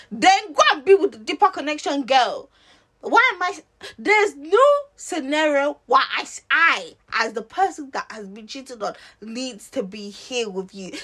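A woman's voice: sits high, a bit bright. A young woman vlogging, giving an impassioned opinion with rhetorical questions and frequent restarts. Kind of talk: opinionated to-camera rant.

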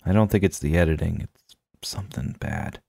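A man co-hosting a casual chat about a film, animated and laughing often. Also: low-pitched, normal speed, vocal fry, husky, dry recording, studio quality. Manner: animated, laughs often, acts out quoted lines. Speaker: film podcast co-host.

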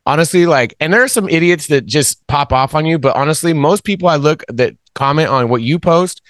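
A man's voice: fairly high pitch, fairly quick, a bit bright, no echo, studio quality. A man hosting a casual sports podcast, talking frankly and emphatically with a rambling flow. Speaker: podcast host.

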